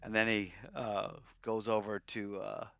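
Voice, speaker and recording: A man's voice: lowish voice, flat delivery, unhurried, gravelly, bright, forceful tone, muffled recording. A man running a tabletop game as game master, narrating in a laid-back, rambling way with lots of fillers, over faint music.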